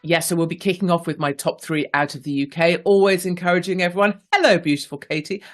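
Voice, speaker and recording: A woman's voice: lowish voice, brisk. A woman in her forties hosts a radio talk show. She is chatty and playful and reads listener messages aloud in a casual monologue. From England.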